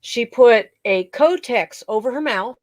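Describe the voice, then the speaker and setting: A woman's voice: a little high, animated, a little slow, dry recording, rough recording. A middle-aged woman hosting a livestream, chatting casually and telling bawdy stories with frequent laughter. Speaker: livestream host. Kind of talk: casual joke-telling chat.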